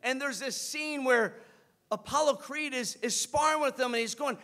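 Male pastor, animated sermon storyteller, bright forceful tone. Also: very high-pitched, moderate pace. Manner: animated storytelling, acting out scenes.

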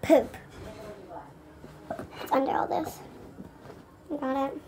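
A woman's voice: sits high, steady tone, slow, vocal fry, noisy background, heavily acted. A woman playing a careless young squishy seller. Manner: offhand, shrugging, talks to herself.

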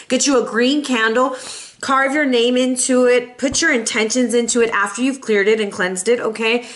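A woman's voice: on the high side, fairly bright tone. Sassy, chatty woman reading tarot. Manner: chatty, sassy, addresses viewers as boo and y'all. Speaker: tarot reader.

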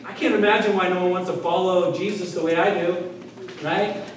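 A high-pitched male pastor delivers a chatty sermon full of rhetorical questions. His voice rings through a very reverberant church and sounds a little distant from the mic. Faint room noise sits underneath. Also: fairly even intonation, fairly quick. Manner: conversational, rhetorical questions, frequent "right?". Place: church sanctuary. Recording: echoey room heard from a distance.

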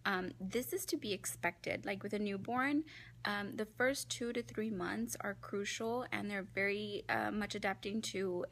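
Gravelly, bright-voiced tired mom vlogger. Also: female voice, medium pitch. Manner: chatty and candid, with many ums. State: tired from little sleep. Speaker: family vlogger, mother of a newborn. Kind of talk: casual vlog talk to camera.

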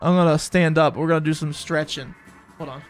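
A streamer chatting casually during a live gaming session, excitable and rambling, often stammering and repeating words. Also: mid-range voice, a little fast, soft background music.

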